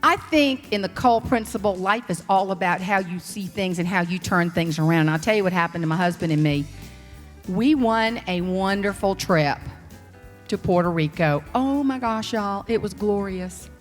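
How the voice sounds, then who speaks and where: A middle-aged woman with a Southern US accent telling a sassy, animated story as a professional speaker before an audience in a large hall. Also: mid-range voice, normal speed, soft background music. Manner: sassy, animated storyteller who acts out quotes. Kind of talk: storytelling keynote speech. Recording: live stage talk in a reverberant hall.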